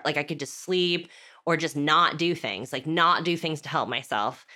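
A woman co-hosting a podcast, chatting casually with many fillers and lively quoted asides. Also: sits low. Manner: chatty, lots of fillers, animated impressions in quotes. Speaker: podcast co-host. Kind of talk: casual chat.

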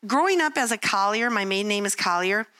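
A woman's voice: medium pitch, animated, quick pace, pushed and bright. An older woman giving a candid devotional talk, telling self-deprecating family stories and acting out what people say. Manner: candid, self-deprecating storytelling with acted-out quotes. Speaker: Christian speaker.

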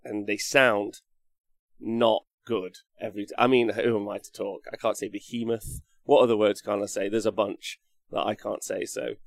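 A man's voice: fairly low pitch, little pitch movement, moderate pace, vocal fry, no echo. An English man hosting a wargaming show, chatting casually and rambling, cracking jokes, swearing now and then, and reading viewer comments aloud. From England. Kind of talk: casual live-stream chat.

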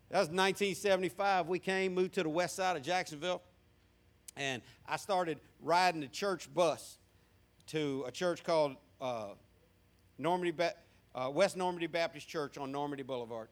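A man's voice: fairly high pitch, moderate pace. A man in his fifties with a Southern American accent, preaching a sermon in a folksy, humorous storytelling manner.

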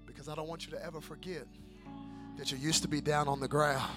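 A male pastor preaching a sermon in a church service, dropping to hushed storytelling and then building to shouted calls for the congregation to answer back. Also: a little high, flat delivery, fast, faint music behind. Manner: call-and-response with the congregation.

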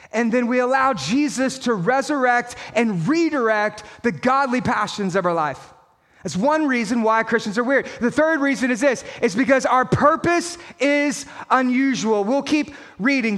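A man preaching a sermon as pastor, emphatic and rising to shouts at key points, with quick mimicking asides. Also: extremely high pitch, big-room sound.

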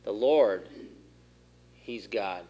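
A man's voice: lowish voice, extremely slow, dark tone, highs cut off. Man preaching, quizzing his congregation. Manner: asks the room questions, rises in force for key points. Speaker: pastor. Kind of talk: interactive sermon.

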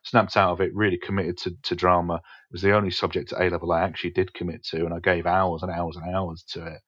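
Low, flat-voiced English man telling his story. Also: fast, dry recording. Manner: reflective, frank, swears casually, many fillers. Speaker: podcast guest, stand-up comedian. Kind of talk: candid interview storytelling. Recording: dull, dry podcast audio.

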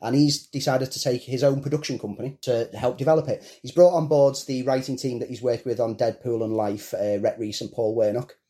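British male podcast host, mellow tone, detailed and chatty about film news. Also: medium pitch, steady tone, a little fast, few pauses. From Britain. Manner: newsy, explains film projects in detail. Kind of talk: casual chat.

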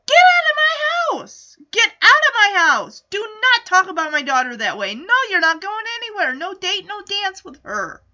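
A woman plays an enraged middle-aged dad, yelling indignantly at a teenage boy. His voice is high, strained and very bright, with a lively, swinging pitch and a slightly dull, lo-fi sound. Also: moderate pace, hardly any pauses, exaggerated voice. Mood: furious. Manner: shouting, indignant.

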